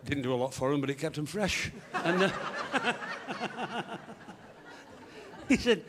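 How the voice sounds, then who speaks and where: An older man tells rambling stand-up jokes, restarting his lines and slipping into character voices. His voice sits a touch high for a man and swings up and down with a lot of life. Laughter rises from the audience behind him. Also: expressive, normal speed, a bit bright, a little hiss or hum. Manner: rambling joke-telling with many restarts and acted-out voices. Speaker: stand-up comedian. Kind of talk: live stand-up storytelling. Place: large theatre stage.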